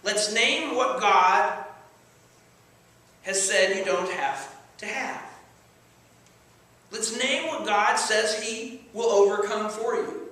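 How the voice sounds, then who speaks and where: Male pastor, sermon, high sharp voice, conversational and joking, echoing church hall heard from a distance. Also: slow pace, long pauses. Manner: conversational, playful, keeps checking in with the congregation. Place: church sanctuary.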